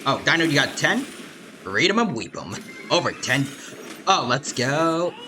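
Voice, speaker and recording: A man's voice: fairly high pitch, big pitch swings, measured pace, noisy background. Chatty man narrating his gameplay. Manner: chatty, self-talking, lots of fillers and restarts. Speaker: game streamer. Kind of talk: casual gameplay commentary. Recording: game music playing behind.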